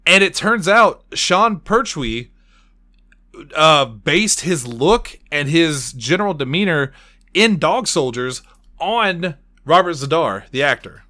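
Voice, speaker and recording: A man's voice: a little high, expressive, takes it slowly, pushed and bright. A man hosting a casual podcast, rambling through movie trivia and swearing freely. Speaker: podcast host.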